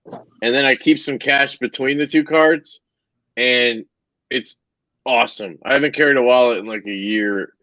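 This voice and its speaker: A man's voice: mid-range voice, normal speed, sharp tone, dry recording, lo-fi sound. A man chatting loosely on a podcast, joking and swearing as he talks. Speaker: podcast co-host. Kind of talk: casual podcast chat.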